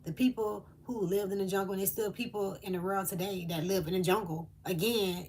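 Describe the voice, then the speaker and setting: A woman's voice: mid-range voice, fairly even intonation, a little fast, hardly any pauses, a little mellow, husky. Earnest woman channeling a spiritual message. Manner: earnest and emotional, with hesitant fillers.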